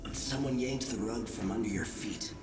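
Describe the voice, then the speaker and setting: Game voice: man playing an eerie, knowing spirit, lowish voice, echoey, loud score behind. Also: loud music behind the voice, lightly acted. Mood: cryptic. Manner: measured, cryptic. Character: mysterious otherworldly male being, calm and knowing. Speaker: game character.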